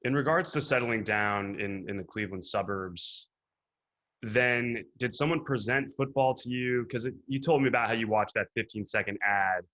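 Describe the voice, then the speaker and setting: A man's voice: medium pitch, normal speed, bright, forceful tone. A male podcast host asking curious, conversational questions of his guest. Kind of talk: interview questions.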